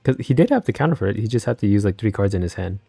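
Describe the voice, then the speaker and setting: Low mellow-voiced man commentating a match. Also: animated, racing, creaky, dry recording, soft background music. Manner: rambling, thinking aloud, self-correcting, chatty asides. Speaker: card game YouTuber and match commentator. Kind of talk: casual live reaction commentary on a card game match.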